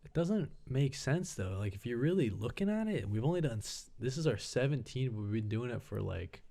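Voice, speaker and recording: Chill young dude co-hosting a game podcast, crude jokes, loose rambling. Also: male voice, medium pitch, very animated, a little fast, vocal fry, warm tone. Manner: laid-back, crude humor, loose storytelling. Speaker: podcast co-host. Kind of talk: casual chat.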